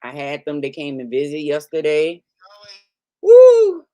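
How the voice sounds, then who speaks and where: A woman's voice: deep voice, steady tone, moderate pace, a little mellow, highs cut off. A middle-aged woman vlogging casually while eating, joking often and breaking into laughter, recorded close in a dry room. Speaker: mukbang vlogger.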